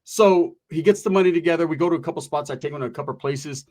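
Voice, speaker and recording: A man's voice: a little high, fast, a little mellow. A middle-aged man from California telling a rambling, profane story in streetwise slang. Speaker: storyteller guest. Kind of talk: casual anecdote telling.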